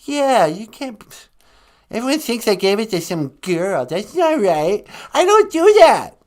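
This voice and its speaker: Here is a swaggering, thin-skinned male painter who thinks he is a genius and calls everyone "man", as a man puts him on. He pushes his voice up and makes it loud and lively, swinging all over the place. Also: sits high, measured pace, voice pushed up. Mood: huffy explaining. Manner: indignant, slangy, keeps calling people man. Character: brash, touchy famous male painter, arrogant and easily offended.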